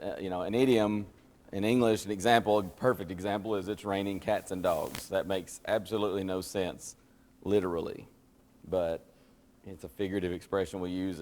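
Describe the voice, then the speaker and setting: A man talks in a relaxed, storytelling way before a Bible class, tired and quick to laugh at himself. His voice sits on the low side. The sound carries a long reverb, like a big hall. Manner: chatty, self-deprecating, laughs at his own stories. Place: church classroom.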